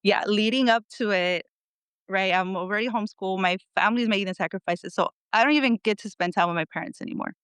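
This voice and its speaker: A chatty woman in her thirties, a guest on a podcast. She has a smooth, clear voice at a mid pitch and tells her stories with frequent laughs. The sound is dry and close. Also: fast talker, fairly bright tone, no room sound. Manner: chatty, laughs often, acts out quotes of family and coach. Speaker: podcast guest, former national team athlete. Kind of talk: casual storytelling interview.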